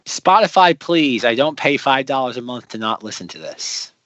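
A man's voice: medium pitch, sing-song, normal speed, a bit bright, no room sound, rough recording. A man co-hosting a casual podcast, cracking dry jokes. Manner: dry wisecracks. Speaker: podcast co-host.

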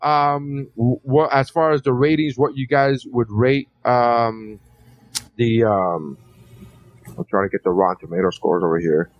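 A man's voice: medium pitch, measured pace, no room sound, highs cut off. A man hosting a movie review podcast, talking in a rambling way with many restarts and casual swearing. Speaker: podcast host.

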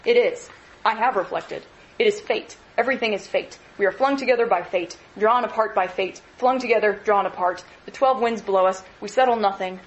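A woman voicing a gloomy, fatalistic young man who speaks in flat, brooding declarations. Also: medium pitch, fairly quick, lo-fi sound, close to an everyday voice.

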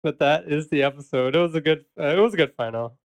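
A man co-hosting a relaxed podcast, his voice sitting a little high for a man. He chats casually, laughs easily and often, and fills gaps with "um" and "uh". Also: fast talker. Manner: chatty, laughs often, many fillers. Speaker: podcast co-host.

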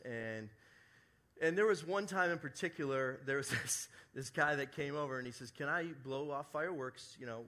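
A man's voice: mid-range voice, bright, forceful tone. A middle-aged male pastor preaching a sermon to a church congregation, telling a story with jokey asides. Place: church service before a congregation.

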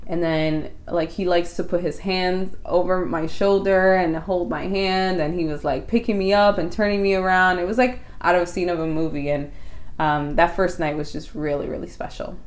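A woman's voice: on the low side, moderate pace. A young woman co-hosting a podcast, telling a personal story in casual chat and acting out her own quoted thoughts. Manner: animated, acts out quoted thoughts. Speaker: podcast co-host.

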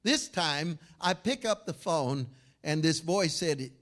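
Man, preacher, fiery sermon, bright ringing voice, fairly high. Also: expressive, slow. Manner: swings from shouting to hushed storytelling.

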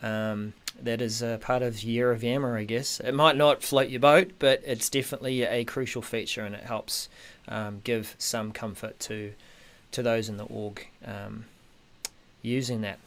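A man hosting a podcast in casual tech chat, hesitant with many ums, often trailing off softly. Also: medium pitch, steady tone, unhurried. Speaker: podcast host.

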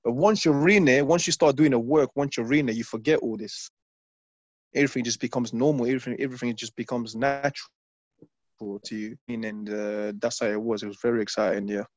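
A man from London, a former footballer, telling stories in an interview, animated and repeating phrases as he acts out his past self. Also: mid-range voice, fairly quick, dry recording. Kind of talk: casual interview storytelling. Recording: dull lo-fi dry sound.

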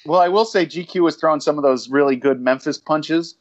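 A man co-hosting a podcast in loose, casual chat. His voice sits a little high, and he rambles with plenty of swearing and self-mocking asides. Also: brisk, muffled recording. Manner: rambling, profane, self-deprecating. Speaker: podcast co-host.

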